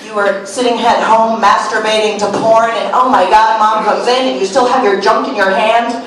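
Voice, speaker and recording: A woman's voice: fairly high pitch, fairly even intonation, moderate pace, a bit bright. A woman in her twenties doing a stand-up set in a small comedy club, telling a frank, profane story. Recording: echoey club from far off.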